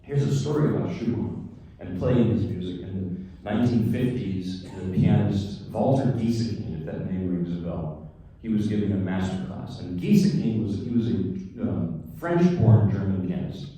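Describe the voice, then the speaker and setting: A pianist speaking informally between pieces at a lecture recital, chatty and digressive, with frank asides. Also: male voice, low voice, lively intonation, normal speed, warm tone. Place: concert or recital hall. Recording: very echoey hall, voice far from mic.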